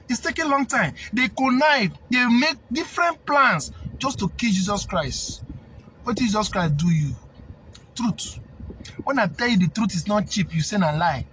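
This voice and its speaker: A man with a Nigerian accent rants defiantly in a high voice, preaching and hammering lines again and again for emphasis. The recording sounds dull and lo-fi, with a faint noise underneath. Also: animated, normal speed, sharp tone. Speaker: snail farming consultant. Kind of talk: impassioned rant to camera.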